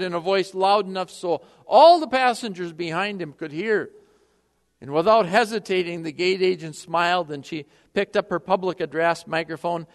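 Brief: male preacher, high voice, impassioned sermon that swings loud to hushed, long church reverb. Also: moderate pace.

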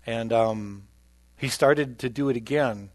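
Delivering a sermon, this male pastor tells his own testimony with real earnestness, shifting between forceful emphasis and hushed passages. He speaks a little slowly in a mid-range voice, and the recording is dry.

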